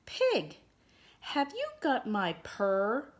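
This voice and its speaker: A woman voicing a small, sad, determined kitten with a high, plaintive voice in a storybook reading. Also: wildly swooping pitch, very slow, exaggerated voice. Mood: pleading.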